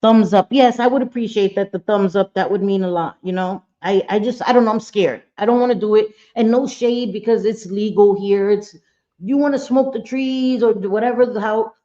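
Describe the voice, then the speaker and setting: A woman's voice: mid-range voice, normal speed, warm tone, dull audio. A woman hosting a casual livestream chat, blunt and talkative, swearing freely and greeting viewers by name. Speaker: livestream host.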